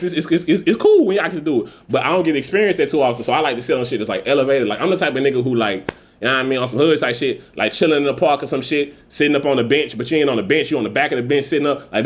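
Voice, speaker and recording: A man in his thirties hosting a podcast, talking casually with heavy profanity and rambling, laughing tangents. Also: mid-range voice. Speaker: podcast host. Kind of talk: casual venting monologue.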